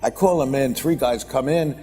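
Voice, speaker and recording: Older guy telling a business story on stage, swears a lot, kinda rambly, low soft voice, echoey hall. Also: normal speed, faint music behind. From United States. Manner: rambling, blunt and profane, with repeated "boom, boom, boom". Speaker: investor speaking at a conference. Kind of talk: anecdotal storytelling. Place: conference stage.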